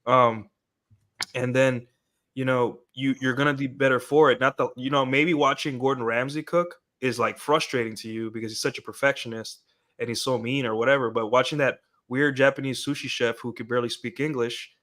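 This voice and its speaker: A man's voice: mid-range voice, fairly even intonation, fairly quick, a bit bright. A man co-hosting a podcast, talking in a loose, rambling way with many restarts. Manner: rambling, full of restarts and fillers. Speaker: podcast co-host. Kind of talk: casual podcast discussion.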